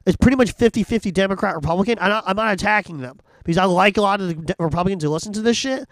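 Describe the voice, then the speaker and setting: A brash, joking man hosting a comedy podcast, swearing freely in loose chat. His voice sits high and the words come out quickly. The sound is close and dry. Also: no room sound, poor audio. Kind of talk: casual chat.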